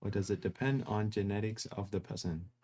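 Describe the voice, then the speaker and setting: Male co-host, dark low voice, reads out questions plainly. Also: brisk. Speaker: co-host reading viewer questions. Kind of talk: reading questions aloud.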